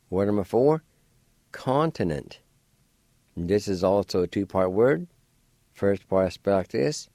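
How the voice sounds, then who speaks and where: A man's voice: lowish voice, animated, unhurried, a little mellow, no echo, clean studio sound. A man teaching pronunciation, spelling words out letter by letter in a patient, encouraging way. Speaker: language teacher. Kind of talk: slow spelling and pronunciation lesson. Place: radio studio.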